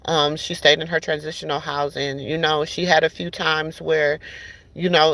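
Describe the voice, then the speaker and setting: A woman with a gravelly, fry-laced voice hosts a talk show. She tells stories in a loose, chatty way, restarting sentences and calling her listeners "baby" and "y'all.". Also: low voice, fairly bright tone. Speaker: podcast host. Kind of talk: casual storytelling chat.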